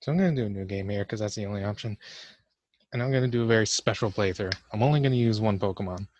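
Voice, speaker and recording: A man's voice: lowish voice, quick pace, darkish tone, no room sound, highs cut off. Awkward young man narrating gameplay. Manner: awkward, self-mocking joking. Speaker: gamer doing a class vlog. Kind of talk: casual let's-play commentary.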